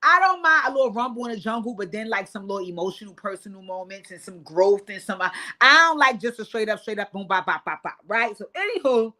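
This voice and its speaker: A woman doing casual, animated reality-show commentary, swearing freely. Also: medium pitch, fast talker, few pauses. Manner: animated, profane, laughing asides. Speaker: show recap vlogger.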